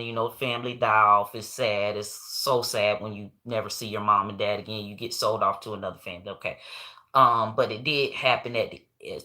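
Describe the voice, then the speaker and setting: Comic host, woman, low but bright voice, animated and profane storytelling. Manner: animated, profane, laughing often. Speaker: comedy show host. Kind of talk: casual storytelling rant.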